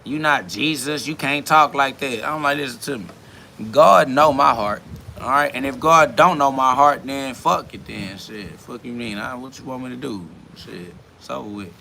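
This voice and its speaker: At a moderate pace, a mid-range male voice with vocal fry and a sharp tone comes through over a little hiss or hum. He's a twenty-something podcast host reading viewer comments aloud in a rambling, profane, slangy way, leaning on "you feel me" often.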